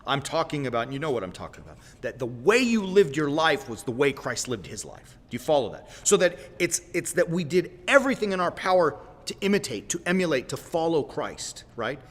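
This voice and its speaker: Brisk and very animated, barely pausing, a man with a slightly high voice preaches informally on his Christian livestream. He's folksy and direct, rambling, tossing in "right?" often, and stopping to correct himself and apologize, all with long reverb from a roomy space.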